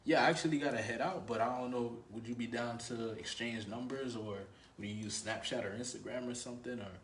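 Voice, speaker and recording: A man's voice: mid-range voice, a little fast, hardly any pauses, fairly bright tone, slight background noise. Laid-back man coaching in a roomy store. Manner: laid-back, swears freely, acts out both sides of a conversation. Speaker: dating coach. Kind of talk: casual instructional monologue. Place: grocery store.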